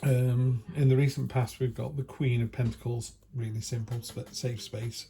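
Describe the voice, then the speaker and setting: A man's voice: mid-range voice, little pitch movement, moderate pace, creaky, warm tone, a little hiss or hum. A man giving a casual, chatty tarot reading from home, enthusiastic and full of fillers. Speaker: tarot reader. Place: home by a field. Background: faint outdoor ambience, dogs passing.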